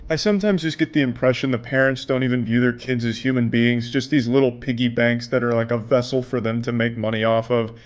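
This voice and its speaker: A man delivers reaction commentary with dry sarcasm and frequent swearing. He speaks at an ordinary middle pitch. Faint music runs beneath him. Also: steady tone, fairly quick, hardly any pauses, highs cut off. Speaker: commentary streamer.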